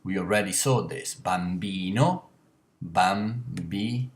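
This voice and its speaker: A man gives a classroom lesson in a lowish voice, taking his time. He explains step by step, pausing often and correcting himself as he goes. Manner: slow, deliberate explaining with many pauses and self-corrections. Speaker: language teacher. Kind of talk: classroom lecture.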